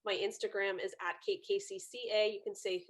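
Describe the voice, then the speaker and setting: A woman guest on a podcast, telling lively, incredulous stories in casual chat. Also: medium pitch, a little fast. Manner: animated storytelling, incredulous.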